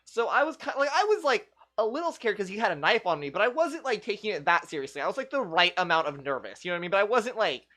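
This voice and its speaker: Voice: mid-range voice, very animated, fast, few pauses, fairly bright tone. A young adult game streamer chatting casually with viewers on a livestream, telling a rambling story full of "like" fillers.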